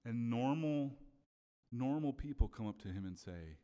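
A man's voice: medium pitch, animated, moderate pace, warm tone. A man preaching a sermon in a conversational way, often checking in with his listeners. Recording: long hall reverb.

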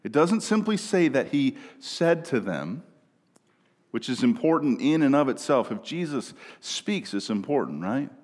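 A man from Minnesota preaching a sermon in a conversational way, often asking "right?" and moving between quiet and loud passages. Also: mid-range voice, very animated, unhurried. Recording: long reverb of a large room.

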